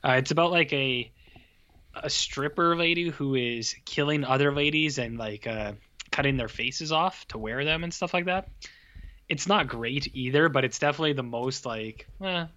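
A man's voice: mid-range voice, normal speed, bright, forceful tone. A man co-hosting a podcast in a laid-back, rambling, joking way. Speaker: podcast co-host. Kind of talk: casual chat. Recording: dull lo-fi audio.

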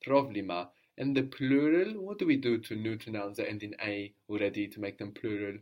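A man teaching a one-on-one language lesson, patiently prompting his student and slowly repeating the answers. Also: lowish voice, dull audio.

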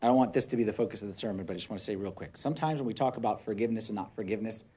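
A priest giving a sermon in a conversational way, dropping to quiet asides and building to emphatic, repeated points. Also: male voice, fairly low pitch, very fast, breathy edge. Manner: conversational preaching, swinging between soft asides and rising emphatic repetition.

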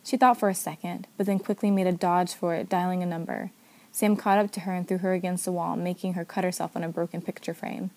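A woman narrating a story aloud in a steady, even manner. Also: on the low side, fast talker. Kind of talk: story reading.

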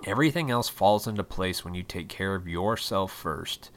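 A man in his thirties from Illinois hosts his own podcast and rambles through a casual, profane rant. His voice is bright and forward, and his pitch leaps around animatedly, rising into sudden loud bursts. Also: moderate pace. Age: 30s. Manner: profane, rambling, swings into loud excited outbursts. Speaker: podcast host.

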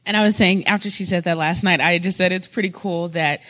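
A woman's voice: on the low side, fairly even intonation, fairly quick, a bit bright. A woman moderating a casual panel discussion, thoughtful and asking probing questions.

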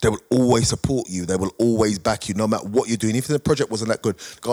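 A man, a comedian telling animated stories on a podcast panel. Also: medium pitch, fast, hardly any pauses, breathy edge. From Britain. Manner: animated anecdote-telling with quoted voices. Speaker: guest comedian. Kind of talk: casual storytelling on a podcast panel. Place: studio.

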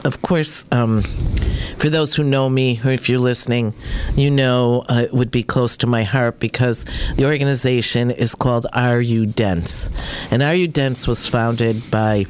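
A woman hosting a morning radio show, her voice deep and throaty from a cold, talking in a chatty, rambling way with fillers. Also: a little mellow, slight background noise. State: hoarse, under the weather. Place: radio studio.

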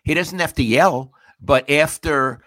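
An older man co-hosting a sports podcast, talking casually in a measured way, asking questions and summing up points. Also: a little high, fairly bright tone, dry recording. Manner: measured, asks questions and sums up.

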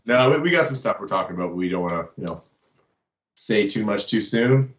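A man's voice: lowish voice, expressive, a little fast, lo-fi sound. A man from Canada, a band member guest on a podcast, trading teasing jokes and laughing often. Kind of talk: casual chat.

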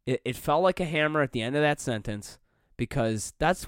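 A man's voice: fairly high pitch, lively intonation, normal speed, smooth, dry recording. A young man hosting a rambling solo podcast, talking wryly into a close microphone with many fillers and restarts. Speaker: podcast host. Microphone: close studio mic.

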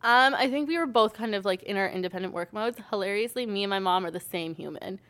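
A woman's voice: medium pitch, fast, a bit bright. A young woman from Canada telling stories from her life in a casual podcast chat, filling nearly every phrase with "like" and acting out the voices of the people in them. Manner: chatty, says "like" constantly, acts out quoted dialogue. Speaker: podcast guest.

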